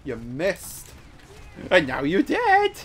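A high-pitched man commentates his gameplay live. His voice leaps all over the place, from low muttering to sudden yelps. He jokes and trash-talks his opponents. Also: takes it slowly, husky. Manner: excitable, swings from muttering to shouting; trash-talking, joking. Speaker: gaming YouTuber.

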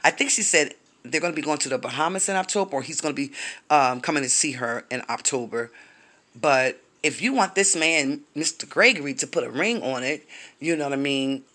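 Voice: medium pitch, animated, a little fast, sharp tone. A vlogger giving sassy, gossipy commentary on a reality show, drawling and calling the viewers honey and baby, sometimes dropping to a whisper. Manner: drops to a whisper for racy gossip.

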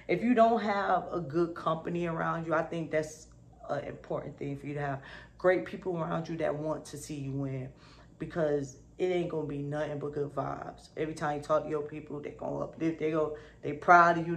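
A woman vlogging to camera in a casual, upbeat, slangy way, often asking "you feel me". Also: low voice. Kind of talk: casual motivational talk to camera.

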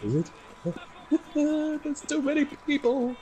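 Lively joking man in co-op play. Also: very high-pitched, slow pace, slight background noise, low-quality recording. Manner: joking, teasing banter. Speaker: co-op gaming guest. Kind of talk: casual gaming chat.

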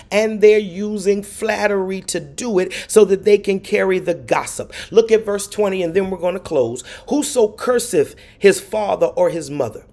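A man's voice: sits high, gravelly, a little mellow. A male pastor preaching a morning sermon and then leading prayer, repeating key lines for emphasis.

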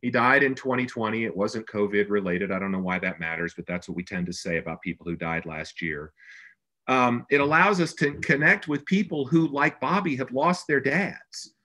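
A man's voice: mid-range voice, normal speed, bright, forceful tone. A man presenting a business webinar as a brand consultant, speaking in an earnest, conversational way with emphatic stresses.

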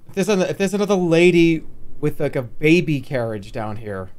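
A man in his thirties playing a video game, swearing and swinging between low mutters and excited yelps. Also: normal speed. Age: 30s. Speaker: streamer. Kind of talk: let's play commentary.

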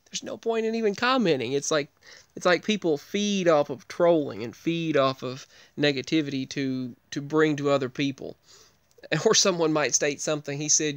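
A man with a fairly high, smooth voice talks through his feelings in a subdued, rambling, heartfelt way on a podcast. The sound is dry and close to the mic. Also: expressive, normal speed, dry recording. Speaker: podcast host. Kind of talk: emotional personal talk.

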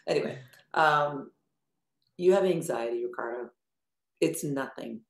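An older woman runs a live video call forum about anxiety, coaching a caller in a lively, teasing way and swearing offhandedly. Her voice is fairly low and reverberant, delivered at a moderate pace.

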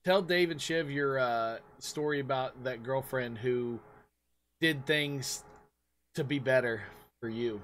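Co-host, man, teasing and prompting; bright, slightly high voice, faint hiss. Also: takes it slowly. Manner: teasing, prompts stories, laughs along. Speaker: podcast co-host. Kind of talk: casual chat.

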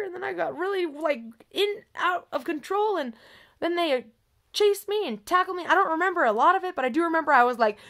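A young woman vlogger recounts a personal story in an upset, forceful monologue, swinging from raised cries to quiet, low stretches. She's animated and talks at a quick clip.

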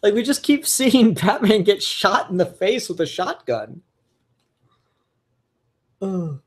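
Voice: medium pitch, big pitch swings, takes it slowly, breathy edge. A comic book reviewer talking casually and enthusiastically, rambling with frequent fillers and restarts. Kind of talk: casual solo review podcast.

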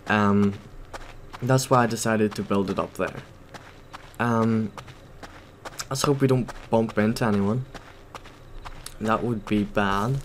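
A man's voice: on the low side, steady tone, slow, long pauses, a little hiss or hum. A man giving casual gameplay commentary while playing at his computer, rambling and hesitant, full of ums and self-corrections. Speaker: gaming YouTuber.

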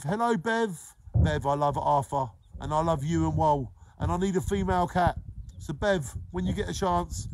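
A man, hosting a daily live show and warmly giving repeated shout-outs to viewers by name. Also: a little high, noisy background. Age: 40s. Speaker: live-stream host.

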